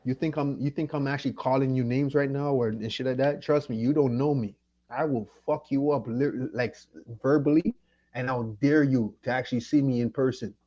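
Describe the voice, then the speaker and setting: A man's voice: mid-range voice, steady tone, a little fast, dark tone, muffled recording. A man from Jamaica hosting his channel, ranting with profanity and repeating himself, tipsy from liquor and weed. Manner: profane, annoyed, repetitive ranting. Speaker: channel host. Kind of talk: livestream rant.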